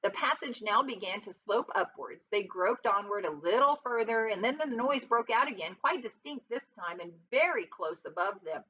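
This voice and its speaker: A woman's voice: mid-range voice, expressive, moderate pace, few pauses, sharp tone, slightly rough. A woman reading a storybook aloud expressively, adding short asides of her own. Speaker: reader. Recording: dull lo-fi with faint hiss.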